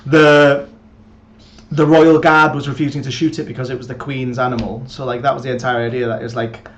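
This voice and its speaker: In casual, rambling podcast chat packed with fillers and restarts, a male co-host who also writes the episodes speaks briskly in a mid-range, slightly bright voice with little pitch movement. The recording is muffled and lo-fi, with faint background noise.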